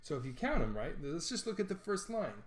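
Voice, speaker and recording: A man's voice: a little high, very animated, a little fast, a little hiss or hum. Chatty man explaining in an echoey room. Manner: conversational, self-deprecating, with frequent fillers. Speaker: teacher explaining literature. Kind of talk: casual educational explainer.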